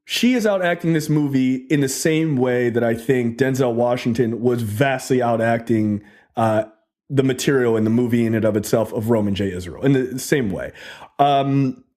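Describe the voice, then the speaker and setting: A man's voice: mid-range voice, moderate pace, darkish tone. A man hosting a podcast, giving a casual movie review in a chatty, loose way full of fillers. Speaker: podcast host.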